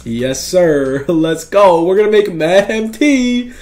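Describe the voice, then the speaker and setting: A young man giving excited, slangy gameplay commentary, talking straight to his viewers. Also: high-pitched, slow pace, faint music behind. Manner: hyped, slangy, talks to viewers. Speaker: gaming YouTuber.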